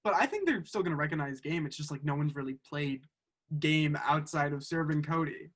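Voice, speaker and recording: A man's voice: fairly high pitch, brisk, a bit bright. A man hosting a casual podcast over a remote call, talking eagerly like a fan. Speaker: podcast host. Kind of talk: casual chat.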